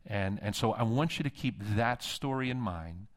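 A man preaching a sermon at a conference, telling a story with lively acted-out dialogue. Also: lowish voice, moderate pace. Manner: animated storytelling, acting out dialogue. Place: conference hall.

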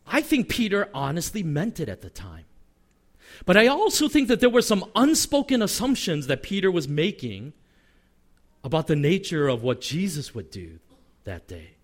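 A man preaching a sermon as pastor, acting out quoted lines and letting his voice drop low at the ends of phrases. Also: moderate pace. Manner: animated, acts out quoted voices; drops pitch and volume at phrase ends.

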